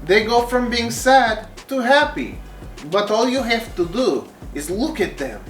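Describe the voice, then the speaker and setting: A man's voice: extremely high pitch, expressive, unhurried, fairly bright tone, reverberant, faint music behind, pitched above the performer's own voice, full character voice. A man putting on a flamboyant plant-loving character with a mock Spanish accent, theatrical and doting. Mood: playful. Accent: put-on Spanish. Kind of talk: comic vlog persona.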